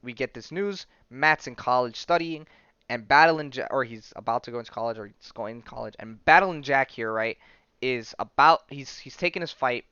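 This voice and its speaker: A podcast host recapping a comic book story in a relaxed, rambling way, with many fillers and self-corrections as he reads the dialogue aloud. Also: mid-range voice, moderate pace, smooth, no room sound, highs cut off.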